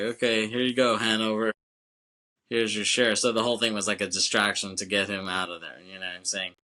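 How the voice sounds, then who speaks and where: Dude rambling on a movie podcast, lowish voice but bright and punchy, lots of "you know what i'm saying", swears a bit. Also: male voice. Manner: swears casually. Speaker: podcast co-host. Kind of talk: casual film podcast chat.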